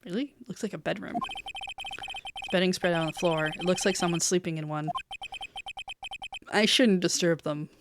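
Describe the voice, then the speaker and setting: A woman's voice: fairly low pitch, moderate pace, long pauses, background noise. A woman streamer reading a game's dialogue aloud, dropping wry joking asides. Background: game music.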